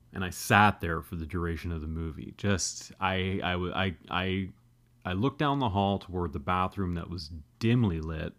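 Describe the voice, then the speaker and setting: A man in his thirties telling a comedic, profane, self-deprecating childhood story as a podcast host. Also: low-pitched.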